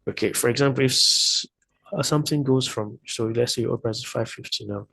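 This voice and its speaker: A man's voice: medium pitch, fairly quick, vocal fry, sharp tone, husky, poor audio. A man tutoring math, working through problems step by step while thinking aloud, with frequent hesitations and self-corrections.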